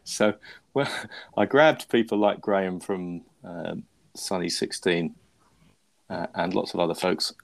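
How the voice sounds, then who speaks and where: A man's voice: deep voice, steady tone, a little slow, creaky. A man hosting a podcast, telling a story in a rambling, self-mocking way with lots of restarts. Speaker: podcast host. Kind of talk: casual chat.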